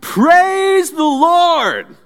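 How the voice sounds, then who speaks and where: A man voicing a poor, devout old woman who shouts her praise from her porch. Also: extremely high pitch, big pitch swings, drawn-out words, voice pushed up, heavily acted. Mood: joyful shouting. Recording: echoey hall reverb.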